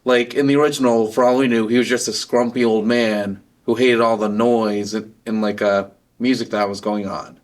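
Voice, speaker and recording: A man presenting a film review segment, delivering trivia and opinions in a steady, matter-of-fact way with small stumbles. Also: fairly low pitch, normal speed, few pauses. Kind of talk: reading trivia, then giving casual opinions.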